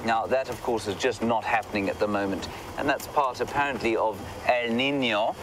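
A man's voice: medium pitch, fairly even intonation, normal speed. A man hosting a live safari broadcast outdoors from a game drive vehicle, chatting playfully with online viewers and reading out their comments. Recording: outdoor noise from the vehicle and surroundings. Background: vehicle and outdoor ambience.

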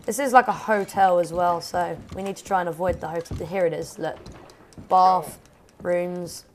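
A man giving excitable, shouty let's-play commentary. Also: sits high, normal speed, a little hiss or hum. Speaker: gaming YouTuber. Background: loud game music and sounds.

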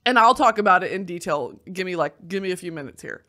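Young woman host, brash and theatrical, wildly lively intonation, uncensored casual chatter. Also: on the low side, quick pace. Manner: animated, bursts of shouting and laughter, swears freely. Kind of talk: casual commentary.

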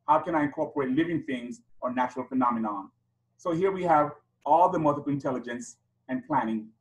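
A middle-aged man runs a teachers' workshop, his voice sitting a little high for a man. He checks in with the room and breaks into rhythmic chants to demonstrate. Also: a bit bright, poor audio. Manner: rhythmic, chants letters to a beat; asks the audience rhetorical questions. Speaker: teacher trainer leading a workshop.

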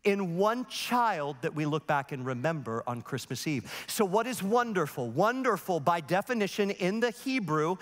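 A man's voice: high voice, normal speed, hardly any pauses, long reverb tail. A man in his forties preaching a sermon as pastor, telling stories animatedly and acting out the voices in them. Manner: animated storytelling with voices and laughs. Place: large church sanctuary.

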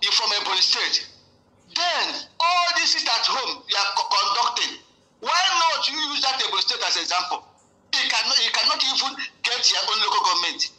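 Recorded in an echoey room, a male guest rants through heated political commentary. His voice is very high-pitched, bright and forceful, and he keeps repeating himself and starting over.

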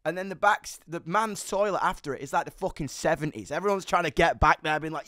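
The speaker is a young man, a guest musician, whose voice sits on the high side. In a candid interview he tells a story at speed, full of energy and cursing, captured in a dry recording with clean studio sound.

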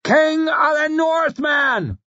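A man voicing a battle-drunk male warrior who bellows a slow, drawn-out war chant. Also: very high-pitched, sharp tone, raised voice, voice pushed up, full character voice. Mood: frenzied chanting. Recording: dull lo-fi audiobook recording.

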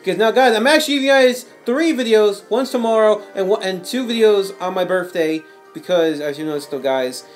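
A man's voice: high voice, fairly quick, few pauses, faint music behind. A young man hosting a casual gaming video with a friend, rambling and often repeating his filler words. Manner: rambling, repeats "though" and "anyways". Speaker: channel host and gamer.

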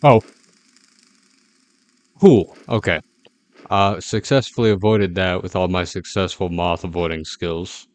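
A man giving rambling, jittery, self-mocking commentary as a gaming YouTuber playing a horror game. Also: low-pitched.

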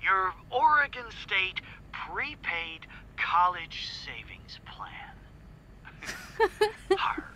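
A man's voice: sits high, sing-song, drawn-out words, pushed and bright, slight background noise, full character voice, poor audio. An actor playing a goofy dad who puts on a hammy pirate king voice for a recorded tape message. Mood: jovial. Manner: theatrical pirate talk, laughing, rolling.

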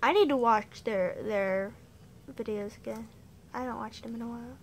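Young woman with a cold, somewhat high voice, playful teasing roommate, faint background noise. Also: moderate pace. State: has a cold. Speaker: roommate and co-host. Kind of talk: casual chat with a friend.

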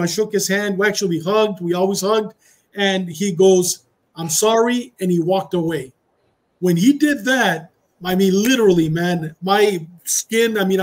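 A middle-aged man, a retired police officer, telling a story in a casual interview and acting out the dialogue with Spanish phrases. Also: high voice. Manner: animated storyteller who acts out dialogue, slipping into Spanish phrases.

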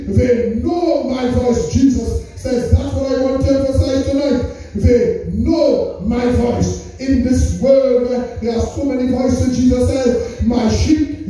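Slow, high-voiced preacher in an echoey tent. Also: male voice, dark tone, recorded from a distance. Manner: repetitive call-and-response preaching, drawn-out phrases. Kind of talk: revival sermon. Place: large tent.

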